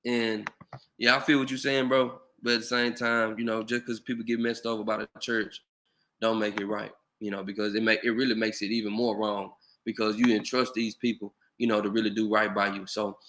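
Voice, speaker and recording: Rambling man, bright voice. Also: lowish voice, flat delivery, brisk. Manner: loose, conversational, lots of "you know". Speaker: channel host. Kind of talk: casual commentary monologue.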